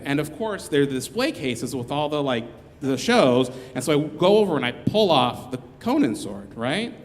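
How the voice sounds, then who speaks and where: A man telling a comic story live on stage, rambling along with restarts and quick asides. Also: medium pitch, lively intonation, long reverb tail, a little hiss or hum.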